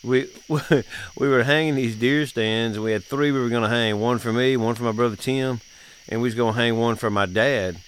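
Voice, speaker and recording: A middle-aged man, a father and podcast host, shares casual family stories with a folksy drawl and plenty of laughs. His mid-range voice is a bit bright, with a steady tone and moderate pace, over slight background noise.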